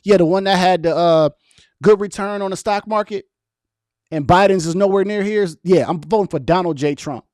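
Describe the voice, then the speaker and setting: Animated young man arguing with his chat. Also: sits high, moderate pace, no echo, studio quality. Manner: animated, argumentative, talks straight to viewers. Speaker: political vlogger reading live chat. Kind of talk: casual livestream commentary.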